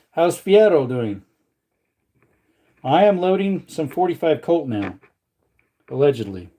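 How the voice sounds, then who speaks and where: A man's voice: fairly high pitch, mellow. A man hosting a casual livestream, joking with viewers and reading the chat aloud while he works. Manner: joking, chatty, reads chat aloud, puts on silly voices. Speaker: livestream host reloading ammunition.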